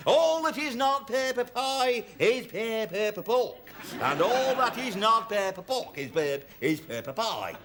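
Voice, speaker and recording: A man's voice: high voice, sing-song, a little slow. A middle-aged man playing a stingy shopkeeper who stammers. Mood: wry. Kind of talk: sitcom acting. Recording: noisy TV sitcom recording.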